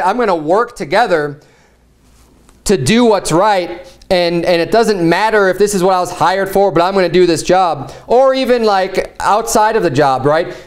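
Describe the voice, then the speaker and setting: A man preaching a sermon in a church in a conversational way, often restarting and repeating words. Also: high voice.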